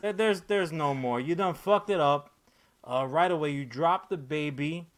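A man's voice: fairly high pitch, normal speed. A man hosting a podcast in casual chat, ranting with lots of swearing and filler words. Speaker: podcast host.

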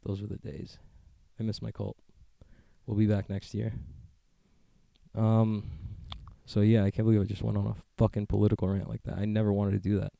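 A man's voice: fairly low pitch, monotone, normal speed, creaky, long pauses, warm tone, no echo, dull audio. A man hosting a podcast from the street, rambling and joking in a profane, casual way, often working himself up into a rant. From United States. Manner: rambling, profane, joking, gets worked up into ranting. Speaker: podcast host. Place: outdoors on a street.

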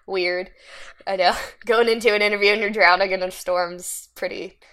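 A woman talks through a Bible story in a loose, rambling way. She keeps checking in with her listeners and wanders off on side notes. Her voice sits at a middle pitch for a woman. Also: steady tone, moderate pace, a bit bright, smooth. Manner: rambling, chatty, says "right?" often. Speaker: Bible study speaker. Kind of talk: casual Bible teaching.

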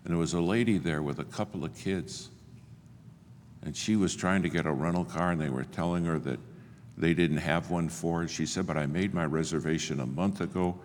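An older man preaching a sermon, telling stories and acting out the dialogue with big swings in pitch and loudness. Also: a little fast. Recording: long hall reverb, faint ambience.

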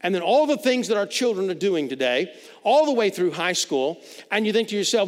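A man preaches a sermon with a high voice, talking to the congregation conversationally and doubling back on his words as he builds each point. The recording carries a long reverb from a large hall. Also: very animated, fairly quick. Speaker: pastor.

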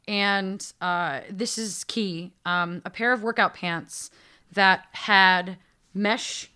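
Woman, bright voice, animated storyteller, casual chat, self-deprecating. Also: mid-range voice, slow pace, smooth. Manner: animated, self-mocking, lots of fillers. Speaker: podcast guest telling a travel story.

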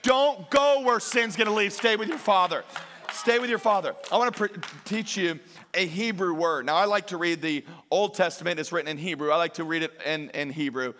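A pastor with a high, bright voice preaches a sermon with a lilt, a little fast. He surges into loud, emphatic peaks close to shouting, then drops into quiet, joking asides with his congregation.

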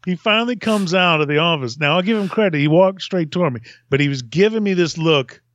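A male podcast host telling an animated story, laughing often and swearing freely. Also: high-pitched, fast talker, no room sound, dull audio.

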